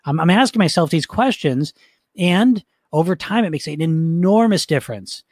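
A man teaching like a coach, talking casually, often repeating his words and filling pauses. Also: on the high side, expressive, darkish tone, no room sound, clean studio sound. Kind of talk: motivational teaching talk.

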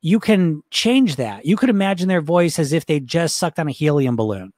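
A man's voice: a little high, very animated, moderate pace, hardly any pauses. A man with a slightly raised voice delivers a casual coaching talk. He speaks conversationally, often checks in with his listener and restarts his sentences along the way. The sound is dry and close, with no room echo. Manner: frequent restarts and fillers.

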